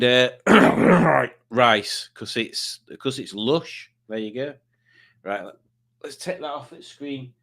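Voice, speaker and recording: A male quiz host on a livestream, talking in a loose, rambling way at a middle pitch. He reads out viewer comments and drifts into self-deprecating jokes between them. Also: a bit bright. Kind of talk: casual livestream chat.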